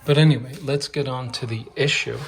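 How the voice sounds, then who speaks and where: A man's voice: mid-range voice, fairly even intonation, brisk, creaky. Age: unknown. Sex: man. Role: joking wallpaper installer. Style: casual how-to tutorial. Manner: joking, playful, often drops to a murmur while working. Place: room being wallpapered, indoors.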